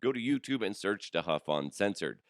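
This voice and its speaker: Hoarse, animated male podcast host. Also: fairly low pitch, a little fast, no echo, studio quality. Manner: animated, swearing, laughs a lot. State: hoarse from a cold. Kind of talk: casual comedy monologue.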